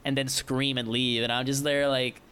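A man's voice: medium pitch, level tone, normal speed, bright, forceful tone, clean tone. A young man on a podcast telling a story in a casual, rambling way, with many restarts and acted-out quotes. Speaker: podcast co-host.

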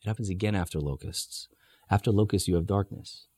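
A man's voice: low voice, fairly quick, dark tone, dry recording. A man teaching a scripture class in an emphatic way, with rhetorical questions and playful asides. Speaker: religious teacher.

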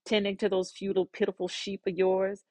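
A woman's voice: medium pitch, completely flat delivery, a little fast, a little mellow, no echo, natural voice. Woman doing an angry scolding older brother.

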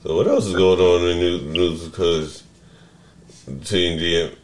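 Deep-voiced man rambling in casual podcast chat. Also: fairly even intonation, unhurried. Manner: rambling, self-interrupting, restarts sentences. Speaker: podcast host.

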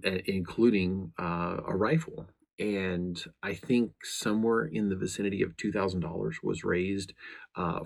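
A man with a very low, gravelly voice hosts his own show as a law enforcement chaplain, talking casually to the camera. His delivery is earnest and meandering, full of restarts, and his tone is slightly husky.

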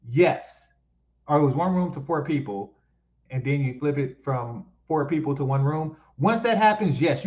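A man's voice: fairly high pitch, highs cut off. A man from East Oakland ranting as he reacts to clips, blunt and mocking, repeating his points for emphasis. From East Oakland, California. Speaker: commentary host reacting to clips.

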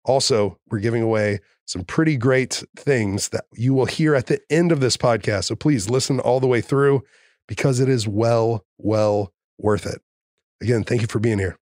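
A man's voice: mid-range voice, moderate pace, no echo, studio quality. A man hosting a podcast, talking in an earnest, grateful, effusive way. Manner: warm, earnest and effusive with praise. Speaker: podcast host. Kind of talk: casual podcast interview.

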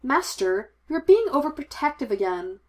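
A woman's voice: on the high side, lively intonation, close to an everyday voice. A woman voicing a spirited young Jedi apprentice who teases her master, read in an audiobook of fan fiction. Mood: teasing. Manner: teasing, impish, quick to argue.

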